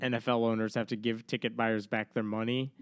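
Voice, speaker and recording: A man's voice: mid-range voice, flat delivery, fairly quick, smooth, no echo. A man hosting a podcast in casual chat, with dry, brief remarks. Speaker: podcast host.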